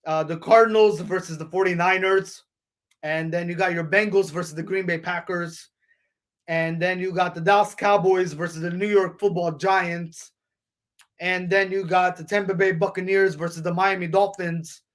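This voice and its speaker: A man hosts his own sports podcast in a high, light voice. He talks loosely and rambles, filling gaps with ums and uhs and restarting sentences as he runs through games and scores. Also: steady tone, normal speed. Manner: rambling, frequent fillers and restarts; addresses listeners as folks, ladies and gentlemen. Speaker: podcast host.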